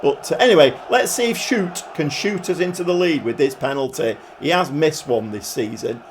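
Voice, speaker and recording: A man giving casual, chatty play-by-play commentary on his football management game, with dry humour and swings between glum grumbling and excited cheering. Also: fairly high pitch, normal speed, a little hiss or hum. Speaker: gaming YouTuber.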